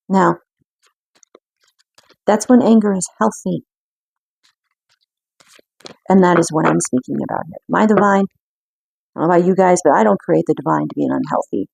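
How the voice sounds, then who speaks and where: A woman giving an intuitive card reading in an earnest, reflective way, with frequent pauses. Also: on the low side, gravelly, darkish tone, husky, no room sound. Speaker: spiritual card reader.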